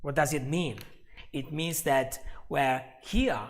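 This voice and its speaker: Slow and a little high in pitch, this man's voice walks viewers through English lessons on a live stream. He explains step by step, repeats words, and chats with his audience.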